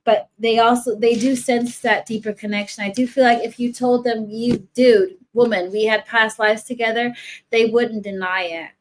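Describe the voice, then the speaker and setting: A woman's voice: on the high side, fairly even intonation, normal speed, slight background noise, poor audio. A woman giving a casual tarot reading to viewers, rambling with frequent restarts and asides. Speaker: tarot reader.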